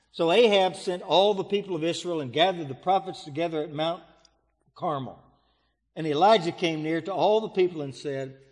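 Preacher man in an echoing hall. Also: a little high. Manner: dramatic scripture reading with sudden swells and hushes. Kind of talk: sermon reading scripture. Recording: long reverb of a large hall.

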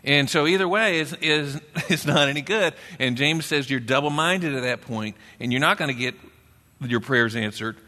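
Bright-voiced Texan pastor preaching in a reverberant hall. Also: male voice, moderate pace. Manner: conversational preaching, acts out the doubter in a low grumbling voice. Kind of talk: sermon. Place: church. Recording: long reverb in a church hall.

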